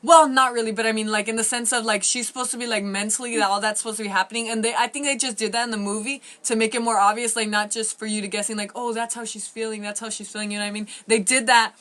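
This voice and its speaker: A woman's voice: on the high side, steady tone, fast, few pauses, a bit bright. A teenage girl reviewing a movie in casual chat, gushing and rambling with lots of fillers.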